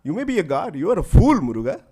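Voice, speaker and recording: A spirited, defiant young woman from an ancient love poem, put on by a man telling her story. The voice sits fairly high and carries a lively, scolding edge. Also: fast, breathy edge.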